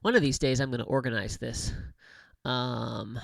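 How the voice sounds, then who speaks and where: Gravelly-voiced man chatting while gaming. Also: medium pitch, normal speed, fairly bright tone. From United States. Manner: rambling, muttering to himself, chuckling often. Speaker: gaming livestream host. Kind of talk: casual gameplay commentary.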